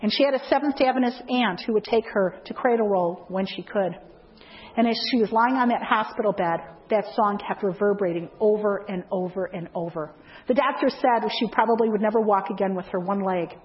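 A woman giving a church talk on greeting visitors, telling a story with lively acted-out quotes. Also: medium pitch, fairly quick, lo-fi sound. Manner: animated storytelling, acts out quoted voices. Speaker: church speaker training greeters. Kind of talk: sermon-style church talk.

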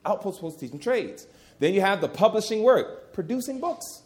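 Man, middle-aged, preacher, sermon, emphatic, folksy, higher-pitched voice. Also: sing-song, a little fast, a little mellow. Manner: emphatic, repeats key phrases; folksy, addresses crowd as y'all.

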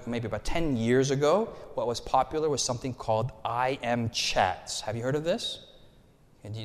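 A male pastor delivers a sermon in an animated, playful way, quizzing the congregation as he goes. His pitch swings widely, rising and falling through each sentence. The sound carries the long reverb of a church hall.

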